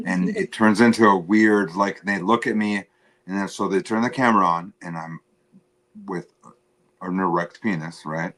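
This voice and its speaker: A man speaks as a guest on a casual livestream, rambling and halting as he tells a story against himself. His voice sits a little low. He stumbles and restarts as his thoughts unfold. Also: fairly even intonation, fairly bright tone. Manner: rambling, halting, self-deprecating.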